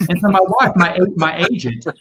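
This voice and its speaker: A man hosting a casual chat, telling rambling, animated stories. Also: high voice, a little fast, background noise. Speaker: podcast host. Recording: dull lo-fi audio.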